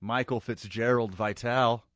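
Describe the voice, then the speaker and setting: A man's voice: medium pitch, steady tone, measured pace, a bit bright, dry recording. Male radio host, upbeat banter, dry close mic, studio sound. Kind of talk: sports radio talk. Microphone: studio microphone.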